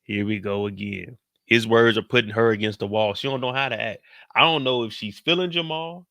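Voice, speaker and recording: A man with a mid-range voice, recorded dry with clean studio sound, hosts a casual TV recap. He tells it as a story in heavy slang, animatedly acting out characters in put-on voices, and talks slower than he does in his live streams.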